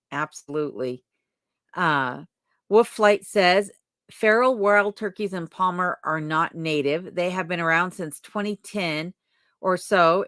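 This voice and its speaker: A woman's voice: lowish voice, a bit bright, dry recording, clean studio sound. A woman hosting a livestream chat who reads viewer comments aloud and greets people by name in a friendly, chatty way. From lives in Alaska. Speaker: livestream host.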